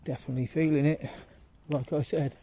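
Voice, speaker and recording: A man's voice: on the high side, steady tone, brisk, dark tone, slight background noise. A man rambling through a casual walking vlog outdoors on town streets, chatting like a storyteller into a handheld phone. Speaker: vlogger.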